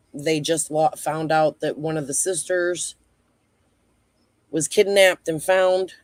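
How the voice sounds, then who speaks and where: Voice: mid-range voice, a little mellow, dry recording. A true-crime host giving blunt commentary who explains background and scolds people directly.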